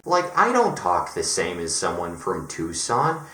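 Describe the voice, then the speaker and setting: A man's voice: low-pitched, huge pitch swings, unhurried, bright, forceful tone, reverberant, soft background music. A man from Denver ranting through a profane, exasperated video essay. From Denver, Colorado.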